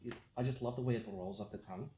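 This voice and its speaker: A man's voice: mid-range voice, steady tone, racing, mellow, a little hiss or hum. A man from New Zealand, a tattoo artist chatting casually and jokingly while he works. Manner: playful, jokey, slips into put-on accents. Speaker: tattoo artist, podcast host. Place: tattoo studio. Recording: echoey studio room.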